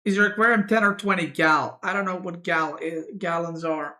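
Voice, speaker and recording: Bright-voiced streamer. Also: male voice, fairly high pitch, normal speed. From Serbia. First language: Serbian. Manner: relaxed, answers chat questions aloud. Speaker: game streamer. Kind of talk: casual chat with stream viewers.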